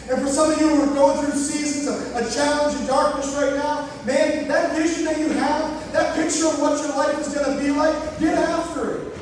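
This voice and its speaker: A man giving a keynote speech to students, telling animated stories and acting out the voices of the people in them. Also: very high-pitched, slight background noise. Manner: animated storytelling, acts out quoted voices. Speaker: motivational speaker. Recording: echoey hall recording from far off.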